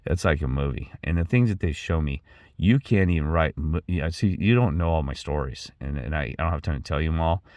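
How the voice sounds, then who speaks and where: A man's voice: a bass voice, a little fast, a little mellow, no echo. A middle-aged man talking in a rambling personal monologue, repeating himself and restarting often. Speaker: channel host.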